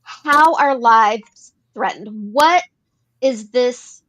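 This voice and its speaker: A woman's voice: on the high side, drawn-out words, fairly bright tone. A woman co-hosting an advocacy talk show, explaining policy earnestly and repeating phrases as she works through points. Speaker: podcast co-host. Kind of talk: advocacy discussion.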